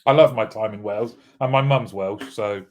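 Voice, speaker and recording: A man's voice: fairly low pitch, normal speed. A British man hosting a casual live show, greeting viewers by name and joking as he reads their comments. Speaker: livestream host.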